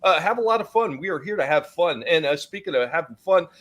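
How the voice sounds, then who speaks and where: A man's voice: a little high, expressive, fairly quick, fairly bright tone. A man hosting a casual live-stream chat, joking, cussing and greeting chat viewers by name. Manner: jokey, rambling, cusses, reads chat names. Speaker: host.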